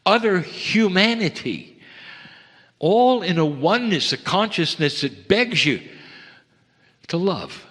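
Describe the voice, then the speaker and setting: A man giving a slow, earnest channeled spiritual talk, pausing between phrases, recorded in a lecture hall. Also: fairly high pitch, fairly bright tone.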